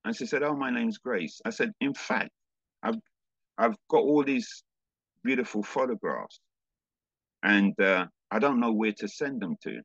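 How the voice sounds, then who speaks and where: A man, a pastor, telling a personal testimony as a sermon in an easygoing storytelling way, halting now and then with small fillers. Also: mid-range voice, lively intonation, vocal fry, a bit bright, no room sound, dull audio.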